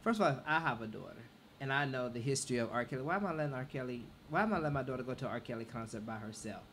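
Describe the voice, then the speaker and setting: A man on a radio talk show rattles off his opinions at a quick clip, pressing his points emphatically. A faint background hiss sits under his middle-pitched voice. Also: lively intonation, fairly bright tone.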